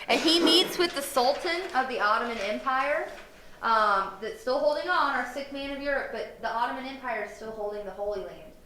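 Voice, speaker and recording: A woman's voice: a little high, noisy background. A woman history teacher giving a casual, chatty classroom lecture. She often acts out quoted lines in a playful way. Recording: echoey classroom.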